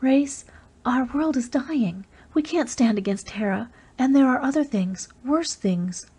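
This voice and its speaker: A woman's voice: fairly high pitch, lively intonation, normal speed, mellow, breathy edge, voice pushed up. A woman reading an audiobook, voicing a proud, despairing young woman of a dying desert world who speaks with a lilting, trembling, bitter passion. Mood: impassioned despair.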